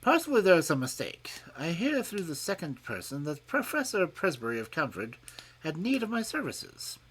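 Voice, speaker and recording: A man voicing a polite, measured detective who stays calm and amused, with a husky voice. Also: a little high, voice pushed up, exaggerated voice. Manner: measured and courteous.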